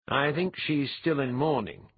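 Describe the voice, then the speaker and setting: A man's voice: medium pitch, measured pace, slightly rough, dull audio, voice pushed up. A man voicing a genial, courtly clan chief in an audiobook reading. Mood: reminiscing.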